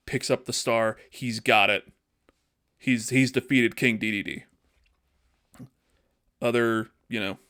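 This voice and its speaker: A man co-hosting a casual comedy podcast, excitedly pitching a movie plot and acting out character lines as he goes. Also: clean tone. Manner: animated storytelling, acts out character lines. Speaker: podcast co-host.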